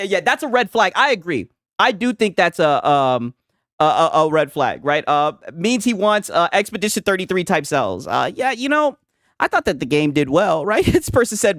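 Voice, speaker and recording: Heated profane male streamer, lively pitch. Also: normal speed, dry recording, clean studio sound, faint music behind. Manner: profane, heated, keeps tagging "right?". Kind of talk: casual livestream rant.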